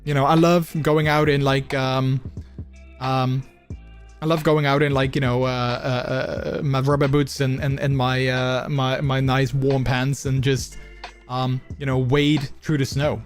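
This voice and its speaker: A man's voice: medium pitch, flat delivery, measured pace, faint music behind. A man livestreaming and chatting casually with his viewers, rambling with many fillers and restarts on a close microphone. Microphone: close desk microphone.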